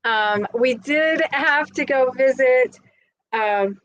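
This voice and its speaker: A woman's voice: sits high, slow, a bit bright, dull audio. A woman vlogger chatting to her viewers in a casual, gushing, rambling recap. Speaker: vlogger host.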